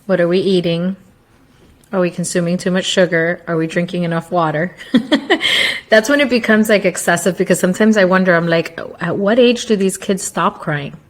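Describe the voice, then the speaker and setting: A woman co-hosting a casual parenting podcast, speaking in a calm, practical way. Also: on the low side, normal speed. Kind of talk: casual chat.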